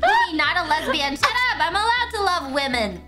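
A woman with a very high voice chats as she streams a farming game, giggling and teasing her co-player. Her pitch swoops around a lot as she talks, and music plays behind her. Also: sing-song, moderate pace. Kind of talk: casual game-stream chat.

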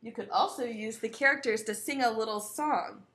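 A woman's voice: on the high side, normal speed, fairly bright tone. A woman teaching an online preschool lesson in a sing-song, encouraging way, stretching out key words for young children.

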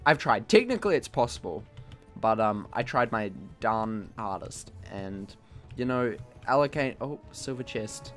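A man's voice: medium pitch, animated, a little slow, soft background music. A man giving casual, jokey commentary while playing a video game, mocking himself and exclaiming at what happens. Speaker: gaming channel host.

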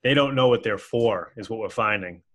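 A man's voice: on the low side, brisk, a bit bright. A man co-hosting a casual business talk show, rambling with many fillers and restarts. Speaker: podcast co-host. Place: office with a whiteboard behind.

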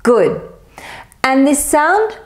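Patient woman teaching pronunciation slowly. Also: high voice, very animated. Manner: patient, encouraging, models sounds slowly. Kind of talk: slow, clear pronunciation lesson.

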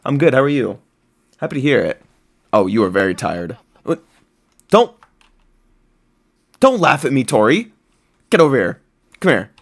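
A man giving excitable, jokey commentary while playing a survival game, squealing high whenever he is delighted. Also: moderate pace, vocal fry, pauses often. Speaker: gaming video creator.

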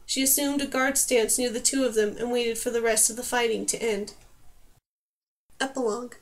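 A woman narrating a fantasy novel aloud as an audiobook, in a steady storytelling voice. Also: fairly high pitch, normal speed.

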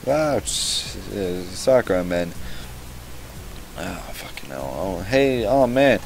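A young man does let's-play commentary on a visual novel, reading its text aloud and adding sarcastic asides full of swearing. His low-pitched voice is animated but slow, and the poor audio carries a little hiss or hum.

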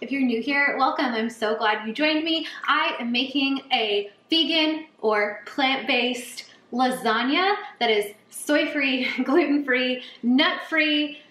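A woman's voice: high voice, slow pace, few pauses, a bit bright. Bubbly young woman in an echoey kitchen. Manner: bubbly, chatty, addresses viewers directly. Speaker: cooking channel host. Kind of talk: casual cooking tutorial. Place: home kitchen.

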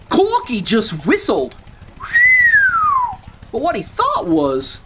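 A woman's voice: medium pitch, very animated, takes it slowly, background noise. Playful woman reading a picture book aloud. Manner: playful, jokey asides. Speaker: storyteller. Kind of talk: children's read-aloud.

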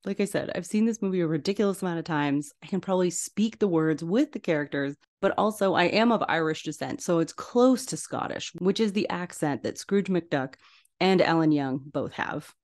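A woman hosting a podcast, recapping a film in an animated, chatty way with quick asides. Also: lowish voice. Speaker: podcast host. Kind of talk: casual film recap chat.

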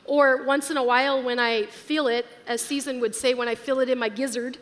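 A woman's voice: high-pitched, level tone, brisk, hardly any pauses, fairly bright tone. A woman pastor giving an earnest, emotional sermon to a live audience. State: tearful at times. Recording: live hall with long reverb, faint music.

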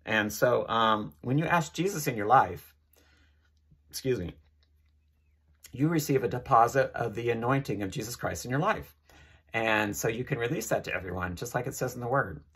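Husky-voiced man preaching earnestly. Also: mid-range voice, animated, moderate pace, fairly bright tone. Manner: earnest, leads listeners in prayer, repeats phrases. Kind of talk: informal sermon.

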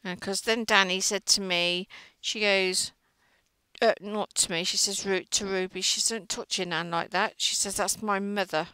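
A woman's voice: medium pitch, steady tone, normal speed, sharp tone, clean tone, no echo, poor audio. A middle-aged woman chatting and gossiping while she crochets, often trailing off mid-sentence. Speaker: crochet vlogger. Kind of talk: casual chat while crocheting.

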